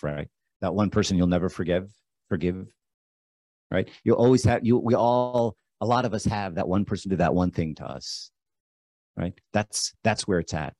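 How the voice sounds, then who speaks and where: A man's voice: fairly low pitch, warm tone, dry recording. A man preaching a casual, conversational sermon, often asking his listeners questions. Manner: conversational, asks the audience questions.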